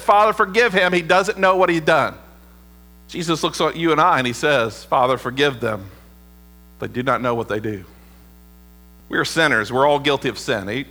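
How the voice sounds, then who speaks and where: A man preaching a sermon as pastor, earnest, often dropping low and quiet for emphasis. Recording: long hall reverb with mains hum.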